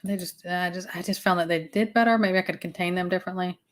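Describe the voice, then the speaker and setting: Speaking quickly in a lowish, even-toned voice, a Southern woman runs a casual livestream chat. Her talk wanders, full of fillers and false starts, marking her as a host from the Southern United States.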